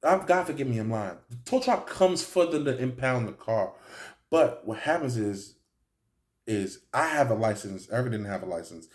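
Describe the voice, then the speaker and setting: Animated man telling a street story. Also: mid-range voice, normal speed. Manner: animated, profane street storytelling with acted-out quotes. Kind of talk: casual storytelling to camera.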